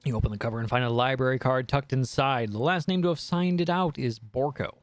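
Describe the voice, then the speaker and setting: A man's voice: mid-range voice, a little fast, no echo, faint music behind. A man streaming a dating game, reading the text aloud with jokey, swearing commentary. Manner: animated, jokey, swears freely.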